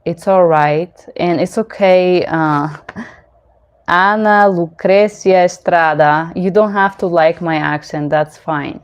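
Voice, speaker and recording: A woman interpreter talks straight to her viewers in a Q&A, firm and unapologetic. Her voice sits on the low side. English is not her first language, and the recording sounds a little dull and lo-fi. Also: slow, smooth. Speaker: interpreter and channel host. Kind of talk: Q&A talk to viewers.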